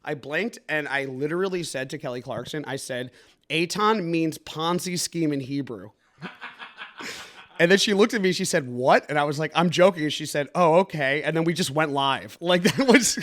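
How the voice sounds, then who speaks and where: A young adult man hosting a comedic news podcast, riffing sarcastically with an energetic, mock-announcer delivery. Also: fairly high pitch, normal speed. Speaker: comedy news show host.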